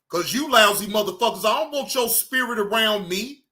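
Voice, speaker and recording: A man hosting a live stream, ranting loudly and profanely at his audience, often shouting. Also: high voice, expressive, moderate pace, few pauses. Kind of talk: heated ranting commentary.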